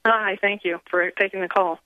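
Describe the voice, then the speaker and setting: A woman calling in to a radio show who speaks in a hesitant, halting way. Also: mid-range voice, fairly even intonation, no room sound. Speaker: caller. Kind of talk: radio call-in. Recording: tinny phone line.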